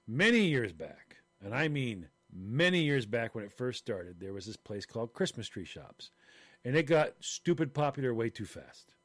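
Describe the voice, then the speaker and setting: A man's voice: mid-range voice, normal speed, no room sound. An older man co-hosting a casual podcast over a video call, telling funny stories and acting out the voices of the people in them. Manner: animated, acts out quoted voices in stories. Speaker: podcast co-host.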